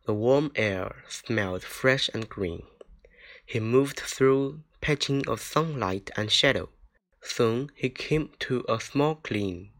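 Slow, careful man reading a storybook. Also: mid-range voice, fairly bright tone. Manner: slow, careful reading with small slips and restarts. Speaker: reader. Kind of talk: reading a children's book aloud.

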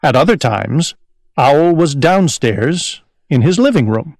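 A man reads a children's story aloud, slow and clear. His voice sits a touch high and moves lively through each sentence. The sound is close and dry. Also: no room sound. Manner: slow, clear, expressive read-aloud delivery. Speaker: narrator. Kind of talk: storybook reading.

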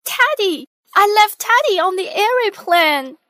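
A woman voicing an excitable little girl piglet in a storybook reading, shrill and eager. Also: slow, no room sound, clean studio sound, exaggerated voice. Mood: excited.

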